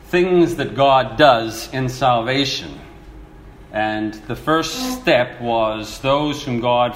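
A man preaching a sermon, telling a parable and reading verses in an animated, storytelling way, acting out the quoted voices. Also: fairly low pitch, slight background noise. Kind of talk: sermon teaching. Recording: echoey room with faint ambience.

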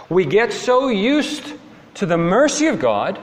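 A man preaching a sermon, sometimes mimicking complainers in a high voice, then dropping low and stern. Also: big pitch swings, takes it slowly, long reverb tail.

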